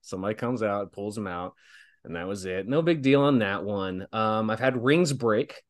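A man's voice: on the low side, moderate pace. A man in his thirties, a wrestling guest, telling stories casually with lots of laughs and acted-out quotes. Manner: animated, laughing storyteller who acts out quotes. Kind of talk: casual storytelling.

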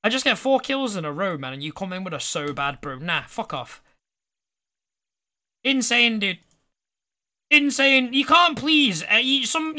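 A man streaming a game live, excitable and swearing as he reacts and talks to his chat. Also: extremely high pitch. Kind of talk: live gameplay commentary to chat.

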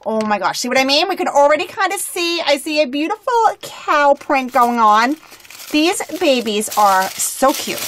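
A woman's voice: high-pitched, a bit bright, a little hiss or hum. A woman hosting a toy unboxing, gushing and chatty as she opens and reviews dolls.

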